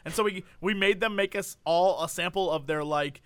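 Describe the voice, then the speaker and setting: A man's voice: sits high, normal speed, smooth, no room sound. A man chatting casually on a podcast, animatedly telling a story and acting out the people in it.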